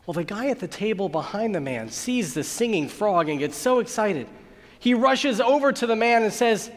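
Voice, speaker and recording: A man who is a rabbi, giving a sermon and telling a joke as a story, acting out the voices of its characters. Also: sits high. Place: large synagogue sanctuary. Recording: long hall reverb.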